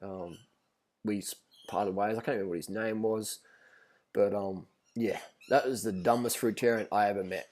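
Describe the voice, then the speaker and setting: A man's voice: on the low side, fairly even intonation, normal speed, darkish tone. Male vlogger, rambling storyteller, swears freely, blunt and casual.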